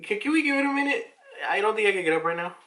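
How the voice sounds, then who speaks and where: A man voicing a lazy, laid-back male admiral who rushes out a worn-out apology. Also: sits high, lively intonation, sharp tone, roomy sound, a little hiss or hum, voice pushed up.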